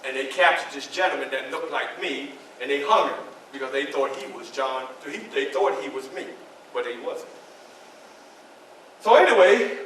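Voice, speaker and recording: A man playing Frederick Douglass, a proud male orator, telling his story in first person and talking straight to the audience. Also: on the high side. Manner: animated, addresses the audience directly. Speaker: historical reenactor. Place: library event room, indoors. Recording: echoey hall from far off, faint hiss.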